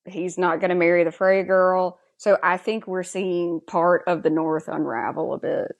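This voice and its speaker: A woman's voice: on the low side, steady tone, normal speed, gravelly, muffled recording. A woman co-hosting a podcast, chatting casually and with strong opinions as she recaps a TV episode and asks her co-host's views. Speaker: podcast co-host.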